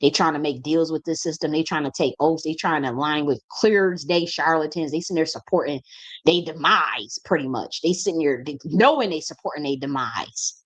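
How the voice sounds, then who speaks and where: A woman holding forth in a heated, preachy monologue, her voice sitting a little low. She talks bluntly, swears freely and hammers her points by repeating them. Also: brisk, breathy edge. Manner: emphatic, repeats phrases for stress. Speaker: spiritual teacher. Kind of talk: impassioned monologue.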